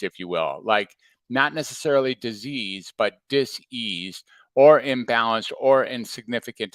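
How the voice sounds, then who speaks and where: A man coaching viewers in a livestream talk, calm and reflective, asking many rhetorical questions. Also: mid-range voice, clear, resonant tone, no echo. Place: home or office, livestream.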